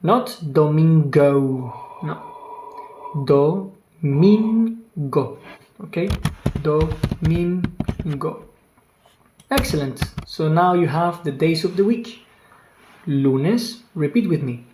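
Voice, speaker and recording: A language teacher giving an online lesson, speaking slowly and patiently, repeating each word several times and exaggerating the pronunciation on purpose. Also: mid-range voice, animated, a little mellow, slight background noise. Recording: roomy echo with faint keyboard clicks.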